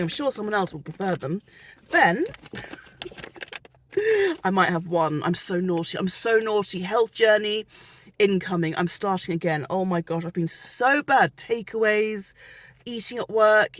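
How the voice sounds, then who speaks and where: A British woman chatting casually through a shopping haul, self-mocking and quick with giggly asides, recorded in a parked car. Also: mid-range voice. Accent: British English. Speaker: vlogger.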